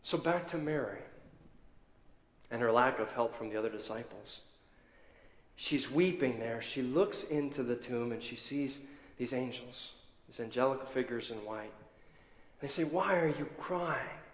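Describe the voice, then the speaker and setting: A man's voice: medium pitch, a little slow, long pauses, roomy sound, long reverb tail. A man preaching an Easter sermon as pastor, telling the story dramatically and acting out its people. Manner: animated storytelling, acting out the disciples and Mary.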